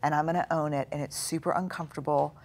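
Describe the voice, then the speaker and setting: A woman with a notably low voice speaks earnestly and reflectively, letting her words sink to a hushed softness at times. She is a guest talking through ideas in a live conversation. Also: steady tone, fast talker. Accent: Texan. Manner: earnest, reflective, drops to soft quiet tones.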